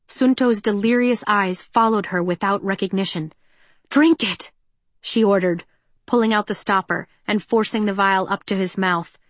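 A woman reading an audiobook in a measured, tense and expressive way. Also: medium pitch, dry recording. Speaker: narrator. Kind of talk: audiobook narration.

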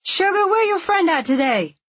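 A woman's voice: very high-pitched, sing-song, moderate pace, no room sound, muffled recording, voice pushed up. A woman voicing a pushy, nosy woman who demands answers in a food pantry line, in an audiobook reading. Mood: prying.

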